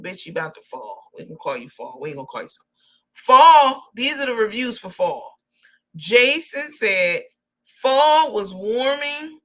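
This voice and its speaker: Sassy profane gossip host, bright sharp voice, mocking delivery. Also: female voice, fairly low pitch. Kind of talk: casual gossip commentary.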